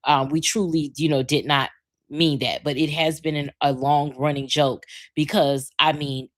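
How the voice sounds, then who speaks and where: Woman, 40s, podcast host, blunt, profane, animated, somewhat low voice. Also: unhurried. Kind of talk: casual live-stream talk, reading viewer comments.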